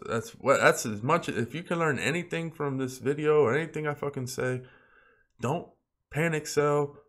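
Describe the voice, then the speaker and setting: A man vlogging about crypto trading, talking bluntly and with plenty of swearing, like a preachy pep talk that climbs in pitch as he gets worked up. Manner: grows louder and higher when worked up. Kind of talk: unscripted vlog rant.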